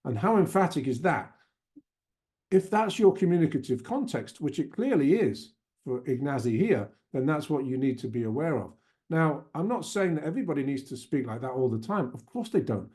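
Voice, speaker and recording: Emphatic, mellow-voiced man presenting a webinar. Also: a little high, animated, moderate pace. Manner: emphatic and conversational, with frequent restarts and asides. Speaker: language coach and teacher trainer.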